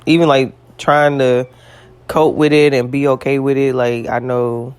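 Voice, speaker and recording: Very low-voiced woman co-host. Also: little pitch movement, clean tone. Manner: halting, leans on filler words. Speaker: podcast co-host. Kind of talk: casual podcast chat.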